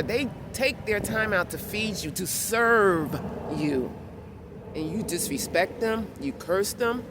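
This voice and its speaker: A woman vlogging and telling a story in a blunt, animated way that turns heated. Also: medium pitch. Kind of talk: casual storytelling vlog. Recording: clear outdoor street noise behind.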